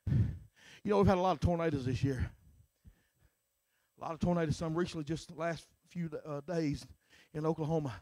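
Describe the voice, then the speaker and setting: A middle-aged man preaching a sermon as pastor, starting lines with a filler "uh" and swinging from shouts to hushed talk. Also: a little high, moderate pace, long pauses, no echo. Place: church sanctuary.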